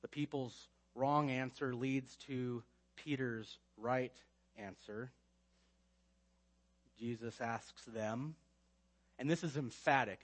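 A man preaching a sermon, emphatic, rising to loud stresses and dropping to quiet asides. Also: medium pitch. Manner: emphatic preaching with swings between loud and quiet, frequent restarts. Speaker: pastor.

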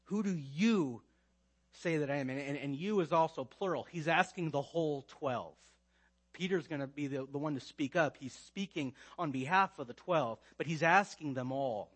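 A man preaching a sermon, emphatic, rising to loud stresses and dropping to quiet asides. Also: fairly high pitch, normal speed, husky. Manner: emphatic preaching with swings between loud and quiet, frequent restarts. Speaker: pastor.

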